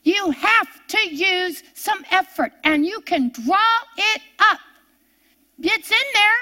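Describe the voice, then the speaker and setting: An older woman preaching a sermon, emphatic and repetitive, rising loud and dropping to a hush. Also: very high-pitched, animated, slow pace. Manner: emphatic, repeats phrases, swings between loud and hushed.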